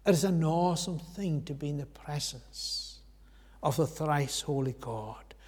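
Earnest preacher in a reverberant hall. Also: male voice, a little high, measured pace, husky. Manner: earnest, swells loud then drops to a hush. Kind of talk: sermon.

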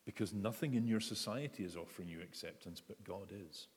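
A man's voice: lowish voice, brisk, big-room sound. A man preaching a sermon in a conversational, searching way, often restarting his sentences. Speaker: pastor.

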